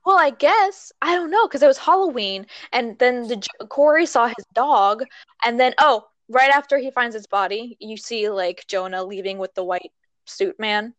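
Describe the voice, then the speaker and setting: A woman's voice: on the high side, moderate pace, no echo. Chatty young woman retelling a movie. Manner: rambling, expressive retelling with many fillers. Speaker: movie recap talker. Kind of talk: casual chat.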